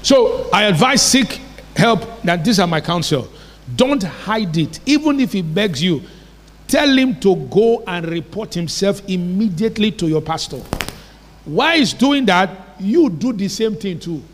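High-voiced preacher, echoing hall. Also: male voice, expressive, measured pace. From Nigeria. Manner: emphatic preaching, rhetorical questions to the congregation. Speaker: pastor. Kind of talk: sermon. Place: church hall. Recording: long reverb of a church hall.

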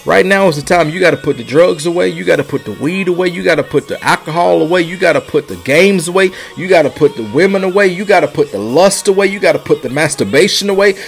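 Impassioned high-voiced preacher. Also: male voice, vocal fry. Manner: impassioned, rising and falling, repeating lines. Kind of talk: sermon.

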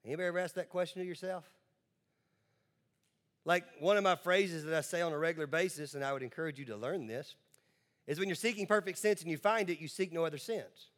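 A man preaching a sermon as pastor to a congregation in a church. He talks emphatically, moving between quick asides and slow, drawn-out words. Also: on the high side, a bit bright.

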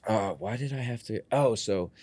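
A man's voice: on the low side, moderate pace, darkish tone, husky, no room sound. A young man, telling his own story as a podcast guest, swearing, laughing often and saying "bro" every few words. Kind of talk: casual storytelling.

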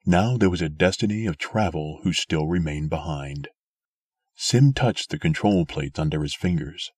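Deep husky male storyteller. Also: dry recording, clean studio sound. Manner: steady, measured storytelling. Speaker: narrator. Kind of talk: scripted audiobook narration.

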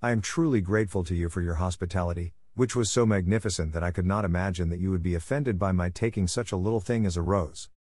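A man's voice: low voice, fast talker, hardly any pauses, a little mellow, no room sound, clean studio sound. A man voicing a frightened old male merchant who speaks in a humble, pleading way in an audiobook reading.

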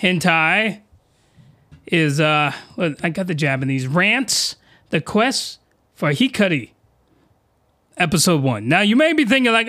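A man hosting a solo podcast, ranting in slangy, excitable bursts and shouting when he gets worked up, close to his desk microphone. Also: high voice, measured pace. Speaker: podcast host reviewing anime. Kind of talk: animated solo podcast rant.

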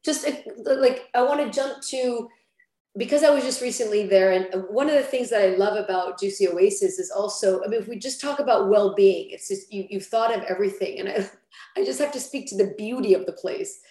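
A woman interviewer and podcast host chats casually with a guest, speaking reflectively and affirming them. Her mid-range voice is fairly quick with a dark tone, recorded in an echoey room.

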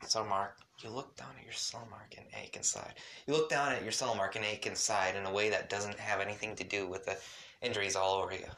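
A man's voice: lowish voice, fairly even intonation, fairly quick, a bit bright. A man reading a second-person fan story at home, his voice shaky from the cold, with stumbles and chatty asides. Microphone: home mic, cold room.

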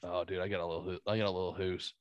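A man hosting a casual podcast, telling stories in an animated way and swearing freely. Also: deep voice, rapid-fire, no room sound, lo-fi sound. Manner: animated storytelling, swears a lot. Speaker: podcast host.

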